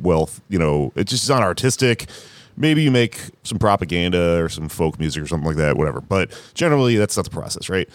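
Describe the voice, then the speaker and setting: A man's voice: lowish voice, no echo. A man talking casually on a podcast, rambling and swearing with lots of fillers. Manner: rambling, profane, many fillers. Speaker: comedian podcast host.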